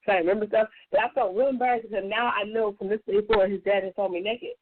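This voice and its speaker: A woman on a radio talk show telling a personal story in a casual, profane, animated way. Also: quick pace. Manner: animated, profane, acts out quotes in a higher voice. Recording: tinny phone-like radio audio.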